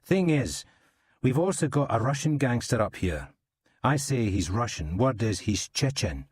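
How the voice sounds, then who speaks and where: A man's voice: mid-range voice, very animated, a little mellow, husky, no room sound, clean studio sound, voice pushed up. A man doing a blunt Scottish detective. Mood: probing. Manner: probing, brisk questions. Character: blunt Scottish male detective inspector, dogged.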